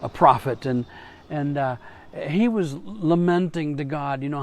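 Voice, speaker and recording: A man's voice: a little high, lively intonation, moderate pace, no echo. A man giving a short devotional message as a church pastor, in a conversational way with small restarts and playful asides.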